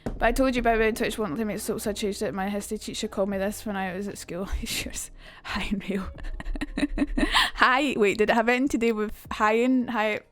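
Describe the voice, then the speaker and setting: A woman's voice: medium pitch, steady tone, a little fast, soft background music. A young Scottish woman streaming a casual chat about accents, chatty and sweary, reading out messages from chat. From Scotland. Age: young adult.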